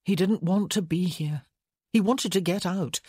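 An audiobook narrator reading a romance novel in a measured way. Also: medium pitch, darkish tone, slightly rough, no room sound, studio quality. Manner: slow, measured. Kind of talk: scripted narration.

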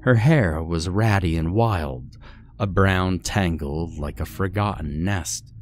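Slow, deep-voiced man narrating horror. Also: darkish tone, a little hiss or hum. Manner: slow, low, measured storytelling delivery.

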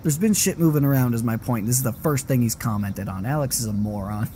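A man's voice: mid-range voice, quick pace, warm tone, slight background noise. A man streaming a horror game live, rambling and swearing casually as he plays. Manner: rambling, self-interrupting and swearing; frequent laughing asides. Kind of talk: casual live gaming commentary.

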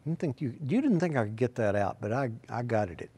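A man preaching a sermon, swinging between quiet, hushed asides and loud, emphatic exclamations. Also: mid-range voice, animated, fairly quick, husky.

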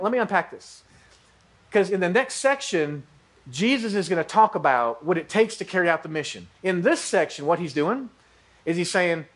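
A man's voice: high voice, animated, fairly quick, fairly bright tone. A man giving a church sermon, preaching animatedly and acting out how listeners might react. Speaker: pastor.

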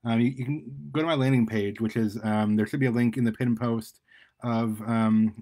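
A man reading his own fiction aloud, an author narrating a scene at a middle pitch. He talks in a relaxed, unpolished way, stumbling on words and restarting now and then. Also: normal speed.

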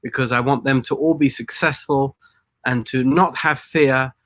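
Rabbi guest, man, earnest and measured, dry close sound. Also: mid-range voice, fairly even intonation, a bit bright, no room sound. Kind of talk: conversational commentary.

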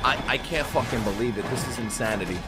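A young man reacting to an anime, shouting, swearing and laughing in excited commentary. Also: medium pitch, quick pace, over loud music. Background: anime soundtrack playing.

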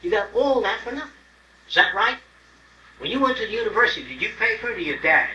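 A man's voice: sits high, fast, dull audio. An older man giving a live lecture, blunt and profane, telling stories and acting out quotes. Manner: blunt, profane, animated storytelling with acted-out quotes. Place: lecture hall. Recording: roomy 1979 lecture tape, mic at a distance.

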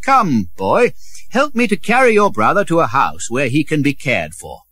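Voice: medium pitch, big pitch swings, moderate pace, dry recording, voice pushed up. A man voicing a kindly passing traveler in a storybook reading. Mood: gentle. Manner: gentle, turning stern.

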